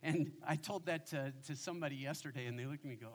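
A man in his forties preaching a sermon as a pastor, telling family stories in an animated, joking way. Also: a little high, quick pace, hardly any pauses.

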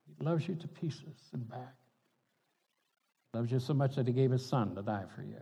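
An older man, a pastor, delivers a folksy, conversational storytelling sermon, chuckling between points. His mid-range voice is mellow and husky at a moderate pace, and the recording has a dull, reverberant hall sound.

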